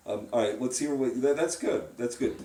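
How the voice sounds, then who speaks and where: A composition teacher with a mellow, medium-pitched voice gives a one-on-one music lesson at normal speed, hesitating with many fillers and restarts. He sounds roomy and distant, with piano playing in the background.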